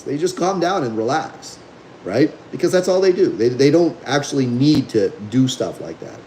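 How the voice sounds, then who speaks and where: A man's voice: mid-range voice, sing-song, normal speed, mellow, slight background noise, poor audio. A man hosting a livestream as a dog trainer, talking bluntly and combatively while reading viewer comments.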